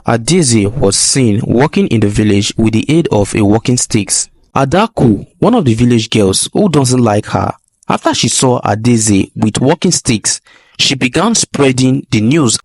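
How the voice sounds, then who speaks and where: Expressive male folk-tale storyteller. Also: medium pitch, measured pace, dry recording, studio quality.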